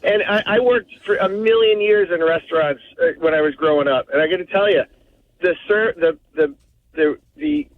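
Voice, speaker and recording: A man's voice: high-pitched, normal speed, slight background noise. A man calling in to a radio show, rambling and repeating words as he talks. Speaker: caller. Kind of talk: phone-in talk. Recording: tinny phone line.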